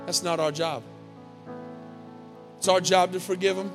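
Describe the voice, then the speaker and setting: A man's voice: high-pitched, fairly even intonation, measured pace, long pauses, soft background music. A man preaching a sermon as pastor in a church, repeating phrases and asking the congregation "Amen?".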